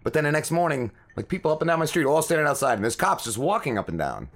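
A man's voice: on the high side, sing-song, fast talker. A man co-hosting a podcast, rambling through stories full of swearing and acting out what other people said. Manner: rambling, swears a lot, acts out quoted people. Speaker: podcast co-host. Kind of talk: casual profane storytelling.

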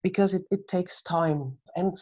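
A woman giving gentle, measured answers in a faith-based conversation and telling a short story. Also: fairly low pitch, slightly rough, dull audio. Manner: gentle, measured, tells stories. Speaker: guest speaker on faith and anxiety.

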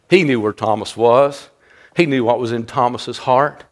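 A male pastor, preaching a sermon fervently and breaking into loud, high-pitched bursts. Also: moderate pace.

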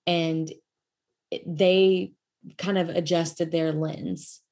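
Young woman host, lower voice, chatty storyteller, laughs a lot, filler-heavy. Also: little pitch movement, drawn-out words, darkish tone. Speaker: podcast host. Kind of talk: casual storytelling chat.

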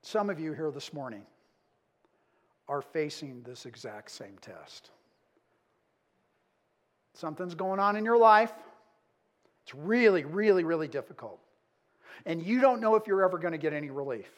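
A middle-aged male pastor preaching a sermon, dramatic and storytelling, moving between emphatic build-ups and hushed moments. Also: fairly high pitch, animated, normal speed, pauses often.

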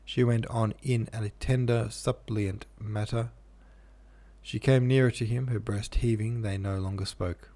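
A man narrating a classic novel aloud in a measured, even manner. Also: on the low side. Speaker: audiobook narrator.

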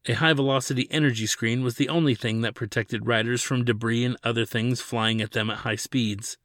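A man's voice: mid-range voice, a bit bright, no echo. A man narrating his own science fiction serial as an audiobook, reading steadily.

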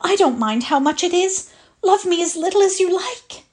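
A woman reading as a brisk, emotional music teacher who breaks into snatches of a school song. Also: extremely high pitch, expressive, a little mellow, pitched above the performer's own voice. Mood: pleading. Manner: sings phrases of a school song aloud.

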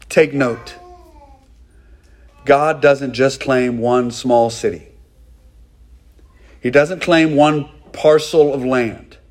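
A man preaching a sermon, emphatic, repeating key phrases for stress. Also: mid-range voice. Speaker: pastor.

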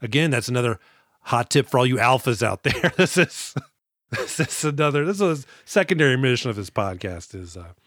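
A man's voice: medium pitch, expressive, fairly quick, a bit bright, no room sound, clean studio sound. A man co-hosting a casual movie podcast, laughing often and acting out characters' lines. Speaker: podcast co-host.

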